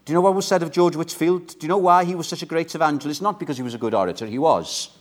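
A man preaching an earnest, pleading sermon in church, swinging between loud and soft. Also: on the high side, very fast. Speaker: pastor.

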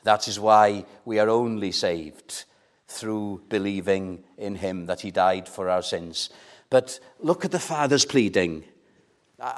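A man preaching a sermon in a church, earnest and measured, pressing his points with questions to the congregation. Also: mid-range voice.

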